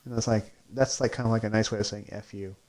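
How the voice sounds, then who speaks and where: A man's voice: on the low side, fairly even intonation, quick pace, a little mellow. A man who makes independent comics, chatting casually on a podcast in a hesitant, rambling way with many restarts.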